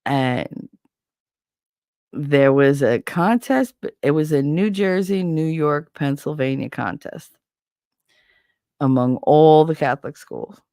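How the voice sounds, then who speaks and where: A woman's voice: sits low, slow, pauses often, dry recording, studio quality. A woman hosting a casual show, telling rambling stories with plenty of swearing and answering a viewer's comment. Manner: rambling, profane, animated storyteller. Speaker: host. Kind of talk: casual storytelling chat.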